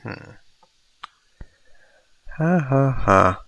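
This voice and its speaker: A man's voice: mid-range voice, lively intonation, very slow, creaky, a bit bright, no room sound. A man streaming a building game, musing and thinking aloud as he works, with playful mock-mystical asides. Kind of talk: casual livestream commentary.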